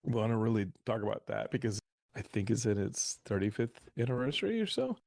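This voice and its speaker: A man on a podcast as a guest, telling animated stories in a casual interview. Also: lowish voice, fairly quick, gravelly, no room sound. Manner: animated anecdotal storyteller.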